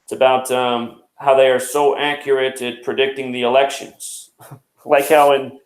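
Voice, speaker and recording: A man in his thirties hosting a numerology news show, explaining numbers quickly and at length. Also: mid-range voice, little pitch movement, reverberant, low-quality recording. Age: 30s. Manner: rapid, number-heavy explaining. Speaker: host.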